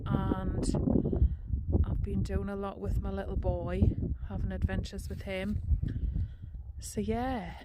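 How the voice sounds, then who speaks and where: A woman chats slowly and warmly to her phone camera from an open hilltop, savouring each word as she gushes about the scenery. Loud wind roars across the mic behind her. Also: mid-range voice, flat delivery. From Northumberland. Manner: gushing, chatty, slow and savouring. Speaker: outdoor vlogger. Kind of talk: casual vlog to camera. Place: open hilltop at sunset, outdoors. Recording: loud outdoor wind noise. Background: wind and countryside ambience.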